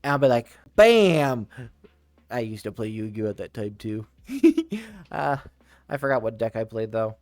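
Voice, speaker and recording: A man telling casual stories from his old job, rambling with frequent restarts and tangents and laughing quickly now and then. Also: lowish voice, big pitch swings, a little mellow, no room sound. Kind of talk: casual storytelling.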